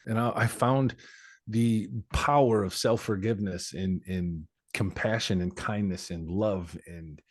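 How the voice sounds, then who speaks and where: A man's voice: lowish voice, darkish tone, no room sound, clean studio sound. A man in his forties, a podcast guest telling his life story in a candid, reflective way. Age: 40s. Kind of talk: personal life story in conversation.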